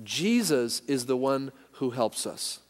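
Emphatic preacher in an echoing hall. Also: male voice, mid-range voice, big pitch swings, slow pace. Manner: emphatic, leads call-and-response. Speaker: pastor. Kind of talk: sermon. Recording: echoey hall reverb.

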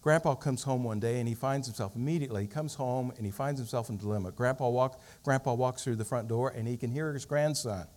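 A man's voice: medium pitch, quick pace, few pauses, a little mellow. A man preaching a sermon, telling a story and building to fervent emphasis. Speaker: pastor.

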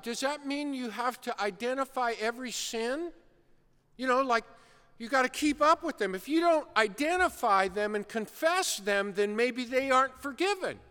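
Preacher, male, high bright voice, unhurried animated storytelling, long reverb of a big hall. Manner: animated storytelling, acting out a shouting coach. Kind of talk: sermon.

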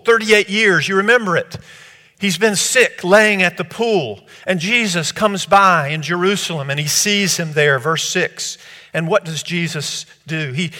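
A man delivers a sermon in a high, bright voice. He reads scripture softly, then bursts into loud, excited storytelling. A long reverb trails his words. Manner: animated, swings from hushed scripture reading to loud excited storytelling. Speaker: preacher.

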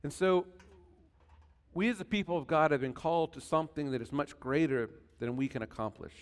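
A man preaching a sermon in a church, swinging between loud emphatic passages and quiet conversational asides. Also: on the high side, a little fast, smooth, long reverb tail. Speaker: pastor.

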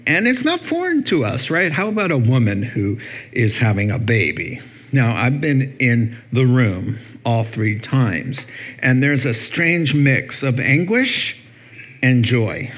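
A middle-aged pastor preaching to a congregation, lively and humorous in a conversational way. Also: male voice, mid-range voice, slightly rough, dull audio. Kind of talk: sermon. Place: church hall before a congregation.

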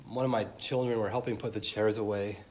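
In a church, a man in his thirties preaches with lots of energy, shifting his pace and climbing to loud, forceful high points. He has a lowish voice, and there's a little hiss or hum on the recording.

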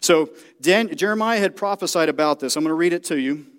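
A man's voice: a little high, fairly quick, fairly bright tone. A man preaching a sermon in a church, speaking directly to the congregation and often checking that they follow.

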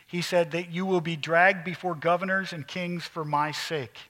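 A man delivers a sermon with a bright, forceful tone set a little above the usual male pitch. He preaches earnestly, swelling to emphatic peaks and falling to quiet, close asides. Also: steady tone, moderate pace, hardly any pauses. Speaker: pastor.

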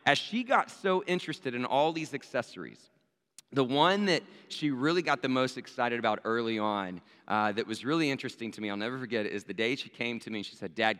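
A man's voice: mid-range voice, bright, forceful tone. Man preaching in a reverberant hall. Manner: conversational, addresses listeners directly with rhetorical "right?". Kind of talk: storytelling sermon.

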